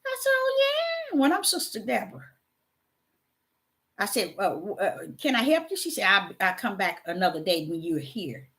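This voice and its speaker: A middle-aged woman preaching a sermon, moving from hushed storytelling to loud, emphatic exhortation. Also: medium pitch, huge pitch swings, moderate pace.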